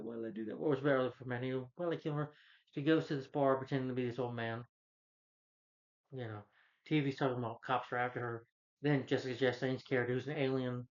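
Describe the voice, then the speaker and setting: A man's voice: mid-range voice, highs cut off. A man reviewing a film in a rambling, casual rant, full of "you know" fillers and exasperated asides.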